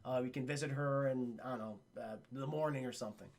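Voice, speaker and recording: A man's voice: mid-range voice, steady tone, quick pace, gravelly, a little mellow, voice pushed down, close to an everyday voice. A man voicing a male hospital doctor who speaks in an offhand way.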